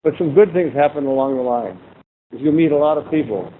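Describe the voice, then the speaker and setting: A man in his sixties giving a humorous, conversational university lecture with anecdotes. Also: fairly quick. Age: 60s. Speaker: guest lecturer. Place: warm university lecture room. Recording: tinny phone-like sound, faint rumble.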